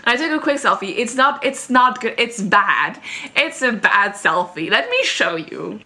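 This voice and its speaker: Bright-voiced young woman rambling a storytime. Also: on the high side, normal speed. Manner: rambling, filler-heavy, animated retelling. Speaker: vlogger. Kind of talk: casual storytime chat to camera. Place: at home, moving between rooms.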